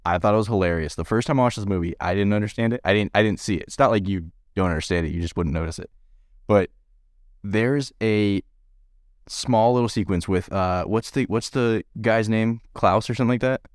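A man with a very deep voice co-hosts a casual film podcast. He rambles and talks down his own jokes while clearly enjoying them. The sound is dry and close, with no room around him. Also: a little fast, dry recording. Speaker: podcast co-host.

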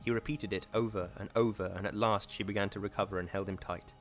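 Male narrator, lower-pitched, steady dramatic delivery over soft music. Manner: measured, dramatic reading. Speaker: audiobook narrator. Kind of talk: scripted narration.

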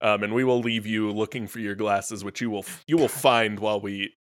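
A man narrating as game master in a tabletop role-playing game, speaking haltingly with many restarts. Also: fairly low pitch, steady tone, a bit bright.

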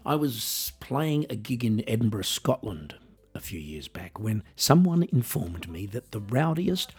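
Aussie guy doing his solo podcast, really husky low voice, wry and musing. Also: big pitch swings, measured pace, darkish tone. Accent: Australian. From Australia. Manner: wry, self-deprecating, musing. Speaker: podcast host and musician. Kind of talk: scripted solo monologue.

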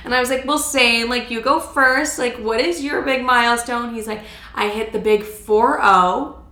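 A woman's voice: fairly high pitch, fairly even intonation, normal speed, pushed and bright, echoey room. A woman in her twenties telling a dating story casually, chatty and profane, acting out the dialogue as she goes. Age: 20s.

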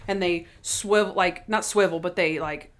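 A young woman talks through a TV episode in a relaxed, rambling chat. She fills her sentences with "like" and restarts, sounding easygoing and familiar as a regular co-host. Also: normal speed. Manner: chatty, lots of "like", acts out scenes in high voices. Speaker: podcast co-host. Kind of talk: casual chat.

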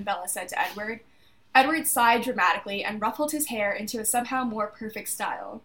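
A woman's voice: a little high, expressive, normal speed, a bit bright. A young woman reading her old fan fiction aloud on a podcast, with giggly, self-mocking asides. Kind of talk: casual reading aloud with laughter.

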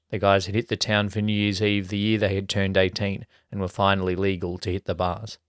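A man reading an erotic story aloud as a podcast narrator, in an even storytelling manner. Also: low voice, a little fast, few pauses, no room sound, clean studio sound. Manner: even storytelling, colloquial mates' banter.

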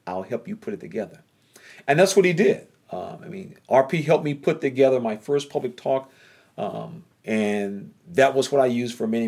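A man from North Carolina with a Southern accent, telling a personal story in a casual, animated way and often repeating phrases. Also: medium pitch. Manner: animated, repeats phrases, voice jumps up when excited.

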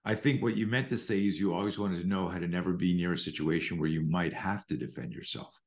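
A man's voice: low-pitched, fast talker, reverberant. An older man, a self-defense instructor, telling a story in an interview and acting out the quotes. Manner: animated storyteller, acts out quotes.

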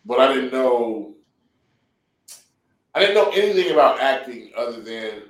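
A man's voice: mid-range voice, very animated, measured pace, pauses often. A middle-aged man from San Diego tells stories in a casual interview, loose and laughing, with swearing along the way. His voice sits in the middle of the male range. It is picked up from some distance and carries a roomy echo. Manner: loose, laughing, profanity-laced storytelling. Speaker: comedian and actor guest. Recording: roomy sound from a distant mic.

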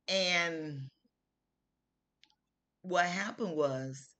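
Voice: mid-range voice, very slow, sharp tone. Middle-aged host, casual spoken testimony, earnest, mid-range voice. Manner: conversational storytelling with informal grammar and restarts. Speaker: health video host.

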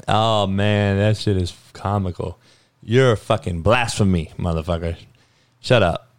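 A man's voice: fairly low pitch, unhurried, dry recording. A man hosting his own podcast, ranting heatedly and profanely in a solo commentary. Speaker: podcast host.

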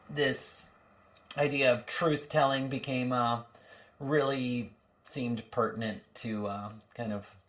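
A man's voice: medium pitch, fairly bright tone. A man, a songwriter guest in a casual interview, talking hesitantly with many fillers.

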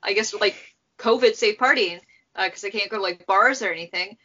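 A woman co-hosting a casual recap chat, animated and acting out quotes. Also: mid-range voice, brisk. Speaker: podcast co-host. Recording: dull lo-fi sound.

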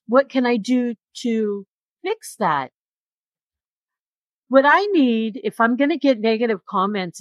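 A woman's voice: a little high, dry recording. A woman who hosts a podcast, speaking frankly and with exasperated rhetorical questions in a roundtable discussion. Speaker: podcast host.

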